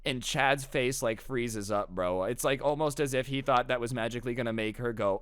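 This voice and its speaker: A young man narrating a casual storytime, animated and slangy, talking straight to his viewers. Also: medium pitch, moderate pace, hardly any pauses, clear, resonant tone, no echo, studio quality.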